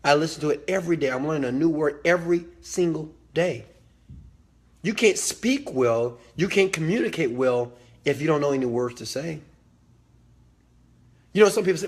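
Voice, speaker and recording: A man's voice: a little high, animated, moderate pace, pauses often. A man hosting a motivational talk, emphatic and preachy, who hammers phrases by repetition and swears freely. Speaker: host.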